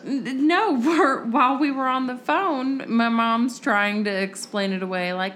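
A young mother chatting casually and telling a lively story, acting out the voices of the people in it. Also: on the high side, unhurried, few pauses, a little hiss or hum. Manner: animated storyteller, acts out quotes. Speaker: parent, co-host. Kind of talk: casual chat.

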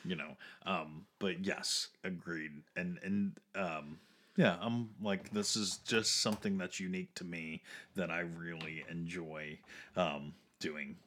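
A man's voice: low-pitched, steady tone, takes it slowly, a bit bright. A man in casual conversation, telling a story with frequent laughs, fillers and restarts. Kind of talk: casual chat.

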